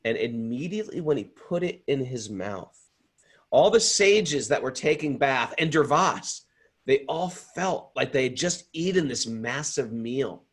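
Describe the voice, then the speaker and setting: Husky man telling a story earnestly. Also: mid-range voice, lively intonation, measured pace. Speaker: host. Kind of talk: storytelling spiritual talk. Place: home in upstate New York.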